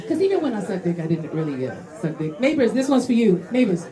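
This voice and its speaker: A woman's voice: mid-range voice, very animated, a little fast. A young woman doing a loose, rambling stand-up set in a comedy club, often laughing between lines. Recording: live club recording with crowd laughter.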